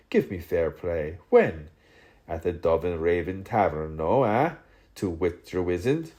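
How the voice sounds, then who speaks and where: A man with a fairly low voice reads a dense literary text aloud for an audiobook. He takes his time, an unhurried, deliberate delivery, and he plays the quoted speakers theatrically, jumping up in pitch and volume for one and dropping low for another. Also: very animated, mellow. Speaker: audiobook reader.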